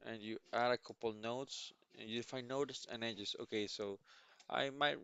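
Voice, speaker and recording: A man live-streaming his coding, reading documentation aloud and musing with halting restarts; he sounds sleepy. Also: mid-range voice, fairly even intonation, bright, forceful tone, clean tone, no room sound, highs cut off. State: sleepy, yawning. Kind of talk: thinking aloud while reading docs.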